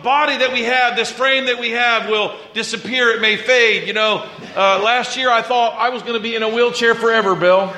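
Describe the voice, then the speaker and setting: High, bright-voiced pastor preaching in an echoey room. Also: male voice, steady tone, moderate pace, few pauses. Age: 40s. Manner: conversational preaching with call-and-response prompts. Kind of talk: sermon.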